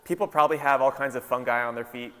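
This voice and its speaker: A man, a pastor, giving a casual, joking sermon with lively retellings. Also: mid-range voice, quick pace, big-room sound. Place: large hall.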